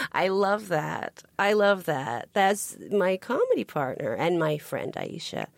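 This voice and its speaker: A woman's voice: on the low side, big pitch swings, slow pace, gravelly, no echo. A woman comedian as an interview guest, chatting casually and laughing easily.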